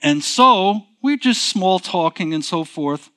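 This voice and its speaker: Here a pastor's high, bright voice comes across animated and forceful, yet he takes his time. Sharing a personal story from the pulpit, he drifts and repeats himself, frequently restarting with "so anyways."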